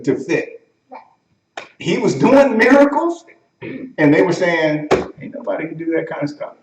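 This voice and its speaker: A fairly high-voiced man preaching a teaching sermon in a church sanctuary. He talks conversationally, quizzes his listeners, and acts out the quotes from scripture. The room is echoey and he stands back from the mic. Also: distant mic, muffled recording. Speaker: pastor.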